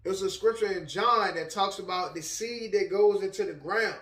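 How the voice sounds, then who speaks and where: A man's voice: high voice, moderate pace, a bit bright. A man from Richmond, a minister and motivational speaker telling his testimony in slangy, conversational talk. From Richmond, Virginia. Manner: slangy, conversational, many "you know what I'm saying". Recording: roomy, somewhat distant mic.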